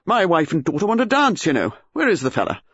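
Ancient British colonel, loud and blustering, bright high bark, read by a man. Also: wildly swooping pitch, quick pace, husky, dry recording, lo-fi sound, heavily acted. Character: very old pompous British male colonel.

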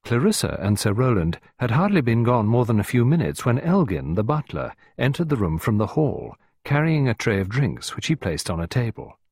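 A man giving an expressive scripted storybook narration as an audiobook narrator. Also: medium pitch, moderate pace, few pauses, husky, dry recording.

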